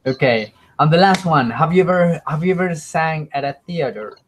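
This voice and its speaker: A man's voice: a little high, expressive, moderate pace, a little hiss or hum, poor audio. A man who is an English student, telling a story in casual conversation practice, hesitant, with many restarts as he searches for words.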